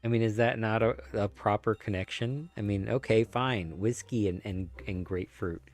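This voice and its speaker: A man's voice: fairly low pitch, moderate pace, a little mellow. Rambling joking male streamer. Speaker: gaming streamer. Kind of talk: casual live-stream chat.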